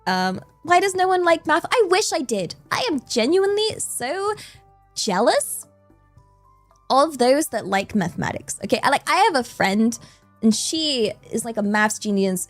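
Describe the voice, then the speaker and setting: A woman's voice: high voice, sing-song, unhurried, faint music behind. A young British woman streaming, chatting in a playful, rambling way. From Britain. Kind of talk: casual live-stream chat.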